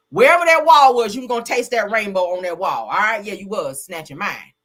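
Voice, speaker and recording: A woman hosting a livestream, reading news aloud and reacting in a sassy, animated way, swearing and calling her viewers baby and girl. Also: fairly low pitch, breathy edge. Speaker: livestream host. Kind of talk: casual news commentary and ranting.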